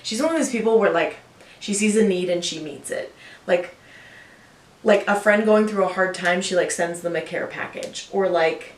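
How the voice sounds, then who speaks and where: A woman's voice: medium pitch, normal speed, a little hiss or hum. A young woman co-hosting a casual best-friend video, talking in an upbeat, chatty way full of fillers. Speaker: co-host. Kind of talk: casual chat. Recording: echoey room, a bit far from mic.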